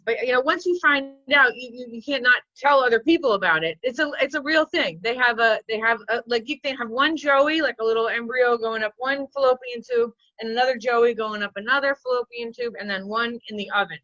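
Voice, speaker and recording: A woman in her forties, a comedian rambling through self-mocking stand-up bits with a deadpan delivery. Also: fairly high pitch, a little fast, no room sound, highs cut off. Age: 40s.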